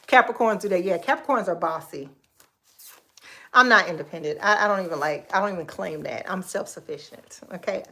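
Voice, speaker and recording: A woman in her forties chatting casually on a livestream from her kitchen, sassy and expressive, laughing often and giving advice to viewers she calls girl and baby. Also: medium pitch, normal speed. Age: 40s. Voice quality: expressive, laughs often, Southern Black American vernacular turns. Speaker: livestream host. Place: home kitchen.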